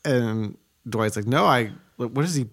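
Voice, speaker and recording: A man's voice: mid-range voice, a little slow, fairly bright tone. A man co-hosting a podcast in casual chat, teasing his partner with dry banter. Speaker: podcast co-host.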